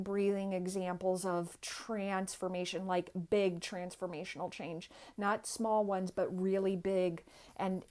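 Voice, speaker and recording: A woman's voice: mid-range voice, darkish tone. A woman giving an earnest, inspirational personal talk as a guest, speaking straight to the viewers.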